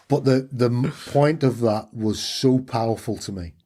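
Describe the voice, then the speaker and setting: A man's voice: mid-range voice, moderate pace, few pauses. A man with a Yorkshire accent, a podcast guest telling his story and acting out the dialogue in it. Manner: animated storyteller who acts out dialogue. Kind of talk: personal storytelling interview.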